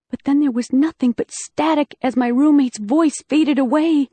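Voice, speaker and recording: A woman reading a first-person audiobook in a lively, wry storytelling manner, on a close studio mic. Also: high-pitched, moderate pace, no room sound. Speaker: audiobook narrator.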